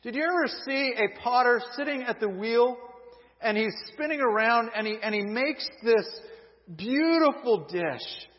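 A man's voice: very high-pitched, lively intonation, measured pace. A man preaching a sermon, reading scripture and acting out voices of those who question God. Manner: reads scripture, acts out quoted voices. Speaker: pastor. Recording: dull lo-fi audio with long hall reverb.

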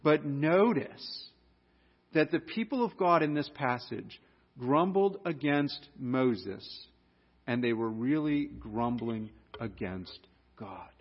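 An earnest man preaching, his slightly husky voice pressing into emphatic warnings. The sound is dull and muffled, with a long reverb trailing each phrase as if in a large hall. His voice sits a bit high for a man. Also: takes it slowly. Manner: earnest, rises to emphatic exhortation with repeated warnings. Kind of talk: sermon.

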